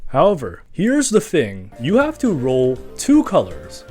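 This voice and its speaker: A man's voice: mid-range voice, huge pitch swings, measured pace, a little mellow, soft background music. A man reading a scripted commentary in a casual, chatty way, full of asides. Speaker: video essayist.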